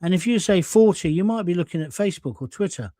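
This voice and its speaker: A middle-aged English man hosts a casual live stream, reading viewer comments aloud and answering them bluntly. He swears freely and speaks in a fairly high voice, recorded close on a dry mic. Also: expressive, fast talker, warm tone, dry recording.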